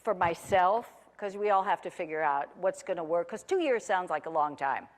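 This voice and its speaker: A woman's voice: on the low side, expressive, normal speed, in a large hall. A woman in her forties, a former chef, telling her own story in a chatty, rambling way with self-deprecating humor. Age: 40s. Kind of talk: casual recounted personal story.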